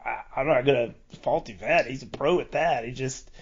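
A man's voice: medium pitch, brisk, husky. A man telling rambling stories in a casual podcast chat, stumbling and restarting often. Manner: rambling, stammering storyteller with frequent restarts. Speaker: podcast co-host. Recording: dull lo-fi podcast audio.

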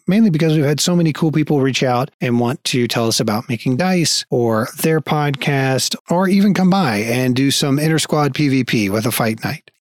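A man hosting a podcast and narrating a tabletop game as game master, with quick joking asides. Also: a little high, no echo, clean studio sound.

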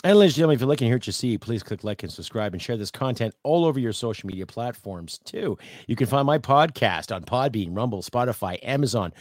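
A middle-aged Canadian man hosting his own podcast, ranting bluntly and profanely, swinging from loud outbursts to low muttering. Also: animated, quick pace, hardly any pauses, no room sound, studio quality. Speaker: podcast host. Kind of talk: opinionated rant.

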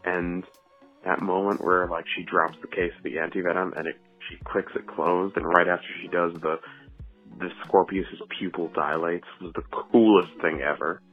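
A man's voice: low-pitched, steady tone, moderate pace, slightly rough. A man calling in with a chatty, rambling voicemail review, full of fillers. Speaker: caller leaving a voice message. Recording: dull, muffled phone audio, faint music.

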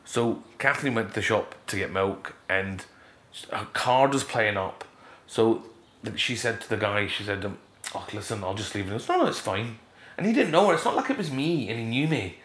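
A middle-aged Scottish man, a guest in a casual interview, telling stories with lively jumps in pitch. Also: normal speed, roomy sound. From Scotland. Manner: animated storyteller, leaps up in pitch for emphasis.

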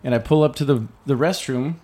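Male podcast co-host, mid-pitched, animated storyteller with a foul mouth. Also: a little fast, slightly rough. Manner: animated storyteller, acts out quotes, swears freely. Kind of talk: casual storytelling.

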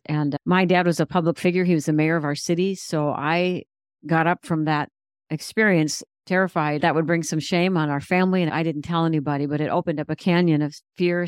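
A woman's voice: deep voice, a little mellow, clear, resonant tone, no room sound, studio quality. A middle-aged woman, a guest author and speaker, giving a personal faith testimony in an earnest, reflective way.

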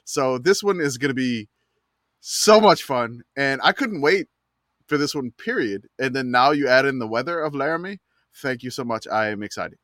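A man's voice: mid-range voice, animated, moderate pace, fairly bright tone, no room sound, studio quality. A man co-hosting a casual sports podcast, joking around and often repeating words as he starts his sentences. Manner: hesitant, repeating words, jokey. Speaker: podcast co-host. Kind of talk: casual chat.

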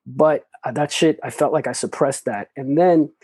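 A man's voice: mid-range voice, moderate pace, warm tone, slightly rough, no echo, poor audio. A man in an interview, telling a personal story in casual, loose, profane talk full of restarts. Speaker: interview guest.

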